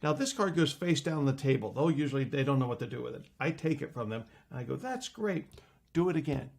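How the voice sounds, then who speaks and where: A middle-aged man lecturing on card magic, playfully acting out his patter with big jumps in pitch. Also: fast talker, gravelly, darkish tone.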